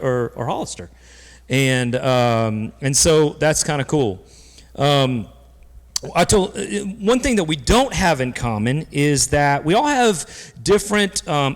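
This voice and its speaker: A man moderating a church panel, telling stories casually and joking, with many restarts. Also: a little high. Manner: rambling, full of restarts and jokes. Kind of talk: casual storytelling on stage. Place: church sanctuary. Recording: long church hall reverb.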